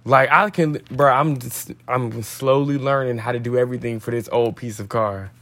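A man's voice: mid-range voice, steady tone, moderate pace, fairly bright tone. A man hosting a podcast, reading a daily devotional in a casual, slangy way with tangents. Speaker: podcast host.

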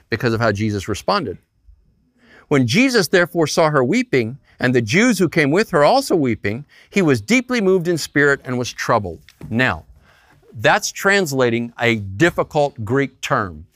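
A man's voice: medium pitch, big pitch swings, normal speed, a bit bright, no echo, studio quality. A man preaching a sermon as pastor, acting out quoted voices.

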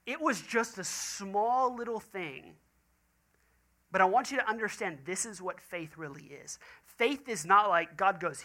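A man's voice: high-pitched, unhurried. A man, a pastor preaching a sermon and telling stories in acted quoted voices. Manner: animated storytelling with quoted voices.

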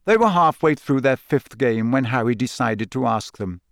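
A man narrating an audiobook in a steady storytelling voice. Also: medium pitch, moderate pace, gravelly, no echo, studio quality. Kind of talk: scripted narration.

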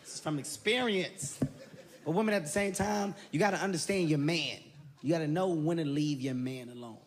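High-voiced man yelling stand-up punchlines. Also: normal speed. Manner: loud, animated, swears often, shouts punchlines. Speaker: stand-up comedian. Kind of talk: stand-up comedy routine. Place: large venue with a live audience. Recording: live show with crowd laughter and noise.

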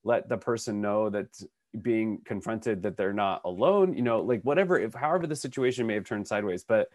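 A man's voice: fairly low pitch, brisk, no echo, studio quality. A man in his thirties or forties, a podcast co-host, telling a story in casual conversation, acting out what people said, with many restarts. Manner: animated storyteller who acts out quotes, with frequent restarts.

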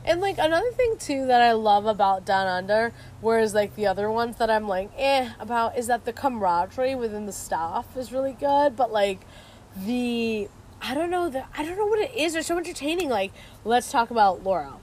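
A woman with a fairly high voice gossips and laughs through a relaxed podcast chat. She co-hosts the show, and it was taped outdoors by a lake, so soft ambient noise sits underneath her. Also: a little fast. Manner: gossipy, animated, laughs often. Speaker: podcast co-host. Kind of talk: casual chat.

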